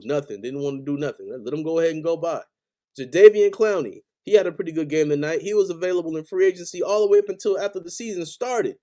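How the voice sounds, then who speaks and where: A man rants about his team on a sports stream, swearing constantly and repeating his points in anger. His voice sits a little high yet sounds warm and dark rather than bright. He is plainly fed up. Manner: heated, profane, repetitive ranting. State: angry. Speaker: sports podcast host. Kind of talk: angry fan rant on a live stream.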